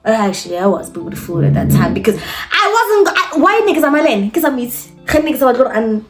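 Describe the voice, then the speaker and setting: A young South African woman telling a storytime vlog in a chatty, animated way, talking straight to her viewers. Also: fairly high pitch, brisk, faint music behind. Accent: South African, mixing in Setswana. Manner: animated, chatty, code-switching, addresses viewers directly. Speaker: YouTuber.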